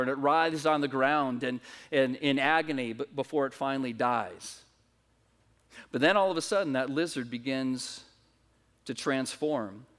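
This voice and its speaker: A male pastor preaching to a church congregation, storytelling in an earnest way with restarts and his pitch in a middle range. The sound is soaked in long church-hall reverb. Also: fairly bright tone. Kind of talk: sermon. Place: church service.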